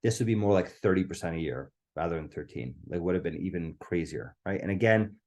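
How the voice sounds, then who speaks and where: Speaking into a computer mic for a live webinar, this man has a deep, mellow voice that's turning a bit hoarse. His delivery is brisk and lively in intonation, full of eagerness, and he habitually tacks "right?" onto what he says.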